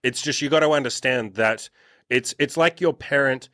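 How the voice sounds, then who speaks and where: A man's voice: mid-range voice, moderate pace, no echo, clean studio sound. Blunt, profane man talking about dating. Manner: blunt, profane, animated storytelling. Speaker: dating coach and podcast host. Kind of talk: casual podcast conversation.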